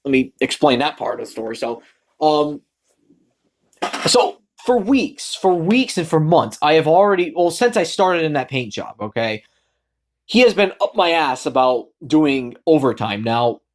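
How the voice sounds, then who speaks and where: A man's voice: fairly high pitch, measured pace. A young man from Massachusetts telling a story in a casual rant, rambling with lots of fillers and restarts, acting out what people said. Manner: animated, acts out quoted lines. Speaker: vlogger.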